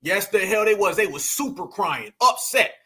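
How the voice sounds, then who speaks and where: A man's voice: high-pitched, lively intonation, normal speed, sharp tone, husky. A middle-aged man, delivering a heated, preachy commentary rant and calling his listeners "fam". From United States. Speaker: online commentator.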